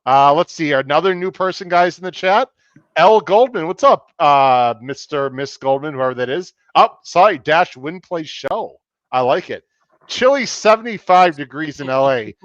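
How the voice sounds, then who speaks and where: Chatty podcast host guy reading the chat, kinda high voice, muffled dry audio. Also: lively intonation, normal speed, no echo. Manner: chatty, upbeat, reads out viewer comments. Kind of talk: live-streamed podcast hosting.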